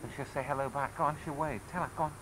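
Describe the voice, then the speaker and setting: Very fast and at medium pitch, a man films his toddler on a camcorder at home, teasing and coaxing with plenty of animation. The camcorder's own mic captures background noise along with his voice.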